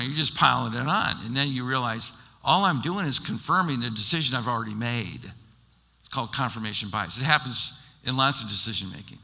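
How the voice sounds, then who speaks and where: A man's voice: mid-range voice, expressive, a little fast, creaky, pushed and bright. A man pastor preaching a sermon, telling stories animatedly and acting out the people he quotes. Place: church sanctuary. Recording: long church hall reverb.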